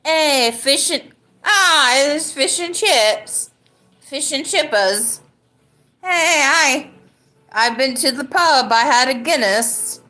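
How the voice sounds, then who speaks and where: A woman doing a loud cartoonish British bloke. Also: high voice, animated, voice pushed up, exaggerated voice. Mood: exaggerated. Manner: loud, drawn-out exaggerated British accent. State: tipsy. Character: mock British man, bumbling and cheery.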